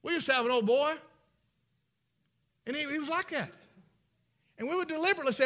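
A man preaching a sermon, folksy storytelling that swings from shouts to whispers. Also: extremely high pitch, fairly quick.

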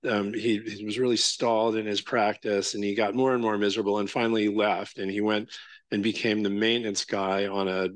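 A man's voice: fairly low pitch, level tone, fairly quick, no echo. A male Zen teacher giving a conversational dharma talk with many fillers, restarts and a frequent "right?".

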